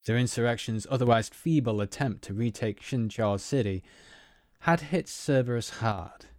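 A man narrating a story in a measured, scripted reading. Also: lowish voice, no room sound, studio quality. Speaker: audiobook narrator.

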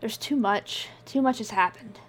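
A woman's voice: on the high side, moderate pace, slight background noise, lightly acted, poor audio. A woman voicing a shaken, withdrawn young man who speaks in a thin, faltering voice.

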